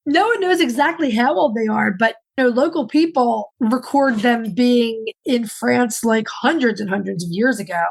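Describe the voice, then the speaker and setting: Chatty woman podcast co-host, high voice. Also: moderate pace, vocal fry, hardly any pauses, breathy edge, poor audio. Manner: chatty, dry humor. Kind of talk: casual chat.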